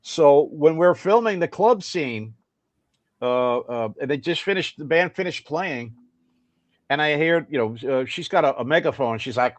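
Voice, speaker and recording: Older guy rambling through old stories, kinda high voice, dry close sound. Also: unhurried, no room sound, dull audio. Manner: rambling, animated storyteller. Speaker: guest musician. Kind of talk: casual anecdotal interview.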